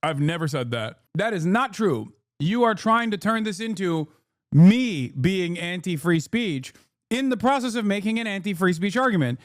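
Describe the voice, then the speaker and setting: Streamer guy ranting back at chat, kinda high voice, sarcastic and swearing a lot, dead dry mic. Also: no echo. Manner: animated, sarcastic, profane, talks back to chat. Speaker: livestream host. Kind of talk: casual live-stream reaction commentary.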